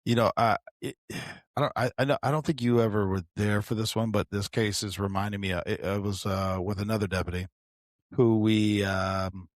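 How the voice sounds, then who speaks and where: Speaking at a moderate pace in a fairly low voice, this podcast co-host, a sheriff's deputy, relates a work story in casual fashion. He's animated, curses, and keeps addressing the listener as "bro." Audio is dry, studio-grade.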